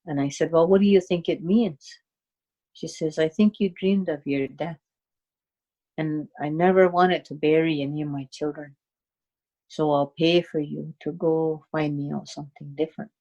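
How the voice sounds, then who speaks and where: A woman telling a personal story in a halting, unhurried way, with many fillers and restarts. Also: sits low, steady tone, dark tone, highs cut off. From Cayuga Nation, Six Nations of the Grand River, Canada.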